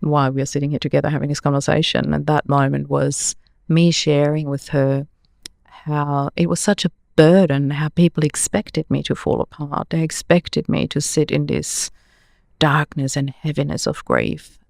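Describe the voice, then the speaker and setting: A woman's voice: deep voice, flat delivery, moderate pace, vocal fry, a little mellow, dry recording, clean studio sound. A woman in her forties, a podcast guest earnestly recounting a personal story with many "you know"s.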